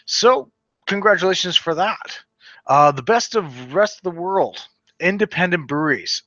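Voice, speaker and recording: Man, from western canada, podcast host, bright forceful voice, slightly high, dry dull recording. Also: lively intonation, measured pace, dry recording. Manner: reading a list, stumbling over names with asides. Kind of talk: casual solo podcast.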